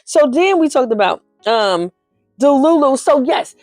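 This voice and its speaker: A woman chats through a soap opera recap with sass and animated asides. Her voice sits a little high and bounces widely in pitch. The sound is close and dry, with no room around it. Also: unhurried, dry recording, soft background music. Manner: sassy, animated, chatty. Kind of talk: casual recap chat.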